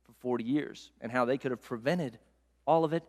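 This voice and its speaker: A man preaching a sermon, telling a self-mocking story in an animated way. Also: medium pitch, brisk. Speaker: pastor. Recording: long hall reverb.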